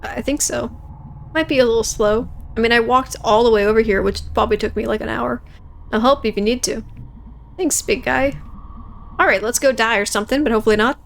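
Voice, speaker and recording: A young woman plays through a story game, voicing every character's lines herself without changing her voice much. She jokes casually between the dialogue in a slightly high voice. A faint hiss sits behind the recording. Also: brisk, vocal fry. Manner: casual, joking, reads all characters' lines in her own voice. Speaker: let's play streamer. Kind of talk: playing a game and reading dialogue aloud.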